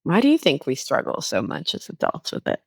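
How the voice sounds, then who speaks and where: Speaking a little fast, an inner child healing coach earnestly lays out her approach as a podcast guest. Her fairly low voice is clear and instructive, becoming animated at key points, and the recording is close and dry.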